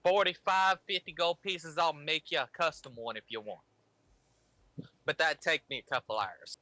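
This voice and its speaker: A man doing a gruff country dwarf smith. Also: fairly high pitch, normal speed, pushed and bright, no room sound. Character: gruff male dwarf blacksmith, blunt and practical.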